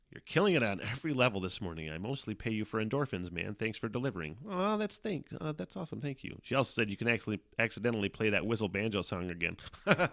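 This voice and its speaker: Solo podcast host, male, bright forceful tone, foul-mouthed rambling storyteller who keeps laughing. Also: on the low side. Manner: profane, rambling, laughs often.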